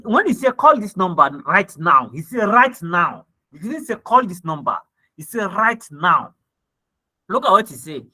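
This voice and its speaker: A man's voice: sits high, bright, forceful tone. A man with a Nigerian accent teaching copywriting, who reads ad copy aloud and then breaks it down, often checking in with "right?" and "okay?". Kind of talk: screen-share lesson reviewing ad copy.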